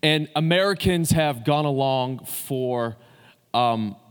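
A male pastor preaching to a congregation in a loose, conversational way, pausing on fillers and restarting sentences. His mid-pitched voice carries a long reverb tail from the church hall around him. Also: smooth. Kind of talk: sermon. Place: church sanctuary.

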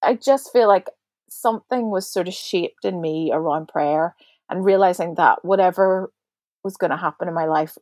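A woman from Northern Ireland in her forties, who leads a prayer ministry, reflects chattily as a guest on a faith podcast, often using fillers and restarting sentences. Her voice sits on the low side, slightly mellow, at a moderate pace, with no echo.

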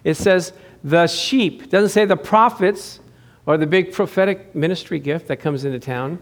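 A man's voice: on the high side, normal speed. A middle-aged man, a pastor, preaching a sermon in a conversational way, asking rhetorical questions and often repeating and restarting his phrases.

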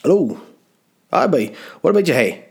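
A man's voice: sing-song, vocal fry, darkish tone, husky, exaggerated voice. A man voicing a cheerful rural campsite owner answering the phone, with a Ballymena accent. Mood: jolly. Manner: fast, high, jolly.

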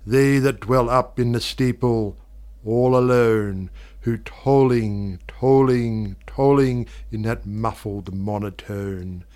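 Reading poetry, a man moves through the verse in a slow, deliberate cadence, letting repeated words rise and fall. His medium-pitched voice is smooth, resonant and a little mellow, and his delivery is theatrical and dramatic.

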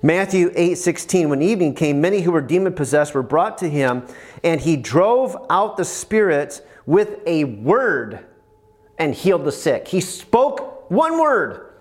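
A man preaching a sermon, emphatic and animated, with bursts of praise. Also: on the high side, unhurried.

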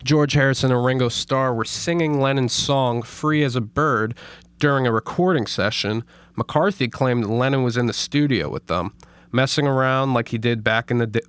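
A man's voice: mid-range voice, normal speed, fairly bright tone, clean tone, no echo. A man co-hosting a casual podcast, reading stories aloud with stumbles and frequent laughter. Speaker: podcast co-host.

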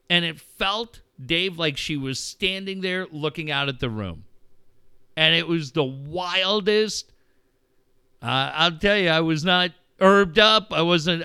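A middle-aged man talks through personal stories on his podcast, candid and unguarded, dropping the odd curse as he goes. His voice is bright and forward, with a clean, smooth tone. The sound is dry and close, with no room around it. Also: fairly high pitch, no room sound. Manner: candid, profane, reflective storytelling. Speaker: podcast host. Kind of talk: casual conversation.

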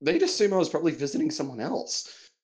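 An Australian man who chats as a podcast guest. His pitch rises and falls a lot, and his speech is easygoing and hesitant, full of ums. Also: wildly swooping pitch, fast, darkish tone. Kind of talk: casual chat.

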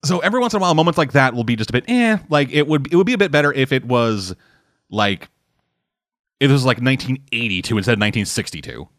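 A man's voice: mid-range voice, expressive, fast talker, a bit bright, dry recording, clean studio sound. A man in casual chat who rambles, swears often and fills his talk with "like" and "uh". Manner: rambling, swearing, lots of fillers.

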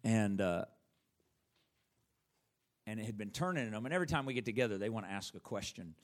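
A man's voice: lowish voice, animated, fairly quick. Earnest middle-aged male preacher. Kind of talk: sermon.

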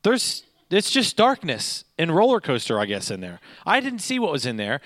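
A man's voice: fairly high pitch, wildly swooping pitch, moderate pace, fairly bright tone, dry recording. A middle-aged man telling a humorous personal story to an audience, often checking in with "okay?" and "right?".

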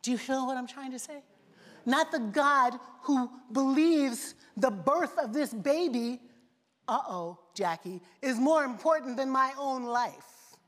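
Woman preacher, kinda high voice, repeats lines in a rhythm, big echoey church. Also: expressive, a little slow. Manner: preaching with rising, rhythmic repeated phrases and questions to the congregation. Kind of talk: sermon. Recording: long reverb of a large hall.

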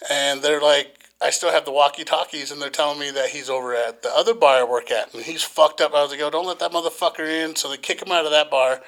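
A man with a fairly high, gravelly voice tells a rowdy story on a casual podcast. He swears freely and throws himself into the tale, acting out everyone's lines. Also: fast talker, hardly any pauses, poor audio. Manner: profane, animated, acts out quoted voices. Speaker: podcast co-host.

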